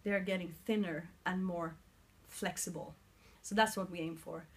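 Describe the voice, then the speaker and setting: A woman's voice: lowish voice, steady tone, moderate pace. Swedish-accented woman vlogging on her phone. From Sweden. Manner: earnest and explanatory, searching for words at times. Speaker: singer vlogging her vocal training. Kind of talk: casual explanatory vlog. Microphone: mobile phone.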